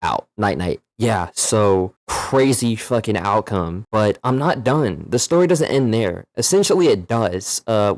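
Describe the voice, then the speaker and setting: A man telling a story in a casual, animated, slangy way, swearing freely. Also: on the low side, no echo. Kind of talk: casual story-time vlog.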